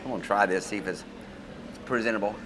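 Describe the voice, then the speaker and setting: A man's voice: lowish voice, fast, background noise. An older man from Florida, chatting on a festival cooking stage in a folksy, joking way. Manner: folksy, joking, laughs easily. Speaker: chef guest. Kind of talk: casual stage chat.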